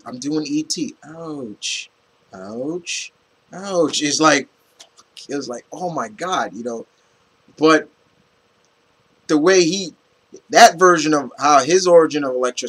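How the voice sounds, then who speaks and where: A man giving a casual, rambling movie review, animated and full of restarts and fillers. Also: on the high side, breathy edge, low-quality recording.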